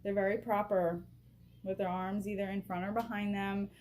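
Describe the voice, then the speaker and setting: A woman giving a casual spiritual card reading at a table, excitable and emotional, laughing often and speaking straight to the viewer through a camera propped on a box. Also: mid-range voice, moderate pace. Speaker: vlogger doing a card reading. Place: at a table indoors.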